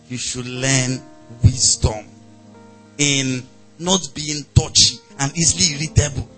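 Animated Nigerian pastor preaching. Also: male voice, medium pitch, slow, pauses often, faint music behind. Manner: animated preaching, acts out angry voices, laughs. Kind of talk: sermon.

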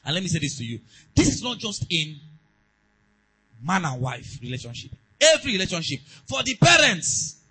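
A pastor preaching a sermon, moving between quiet asides and loud, emphatic exhortation. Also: male voice, sits high, sing-song, normal speed, breathy edge, low-quality recording.

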